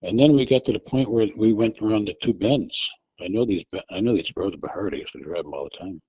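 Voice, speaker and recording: A middle-aged man recounts a personal ordeal for an interviewer, often restarting his sentences. His voice is mellow and dark, and it climbs high and loud when he re-enacts his own shouting. The recording is dry, with no room sound. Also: quick pace, husky, dry recording, rough recording. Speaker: interview guest telling his testimony. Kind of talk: personal storytelling. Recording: audio only.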